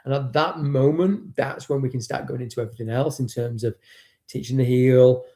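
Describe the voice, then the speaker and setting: Bloke teaching dog training on a live stream, gravelly dark voice, blunt and sweary. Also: male voice, medium pitch, fairly even intonation, normal speed. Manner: chatty and blunt, swears, greets chat viewers.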